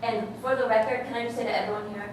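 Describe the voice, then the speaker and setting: A woman's voice: a little high, level tone, racing, close to an everyday voice. Woman improvising an opinionated young Frenchwoman, echoey and distant. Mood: indignant. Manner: laughing often, blunt and defensive. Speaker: improv performer. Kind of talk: improvised comedy scene. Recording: very echoey room, distant mic, noisy.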